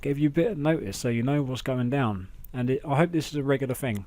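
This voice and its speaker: A man hosting a casual wrestling review podcast, chatty and excitable, talking into a close mic at home. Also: mid-range voice, fast. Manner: chatty, excitable, acts out quotes in raised voices. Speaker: podcast host.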